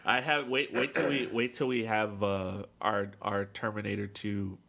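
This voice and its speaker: A man's voice: on the low side, flat delivery, normal speed, creaky, bright, forceful tone. A man co-hosting a casual movie podcast, rambling and swearing freely as he talks through the film. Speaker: podcast co-host.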